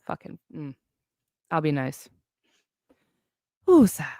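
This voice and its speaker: A woman's voice: low-pitched, very animated, takes it slowly, dark tone, dry recording, clean studio sound. A woman in a heated, profane livestream rant, sarcastic as she calls out her online critics. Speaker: streamer addressing online critics.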